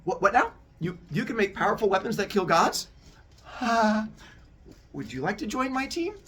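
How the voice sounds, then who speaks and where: A man doing a brash, excitable young god-king. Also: fairly high pitch, moderate pace, distant mic, a little hiss or hum. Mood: excited. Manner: blunt, excitable, rude. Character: brash impatient young male king of gods.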